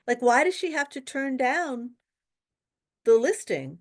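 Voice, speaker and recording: A woman's voice: high voice, measured pace, pauses often. Woman tutor running an online real estate class, chatty, acts out little stories. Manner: chatty, animated storytelling with quoted dialogue. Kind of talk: webinar lesson with anecdotes.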